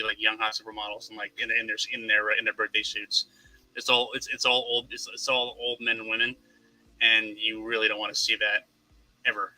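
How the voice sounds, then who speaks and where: Rambling storyteller man with a bright voice. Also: medium pitch, rough recording. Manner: rambling, lots of repeated restarts, wry and profane. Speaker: podcast co-host telling a story. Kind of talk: casual chat. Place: Florida.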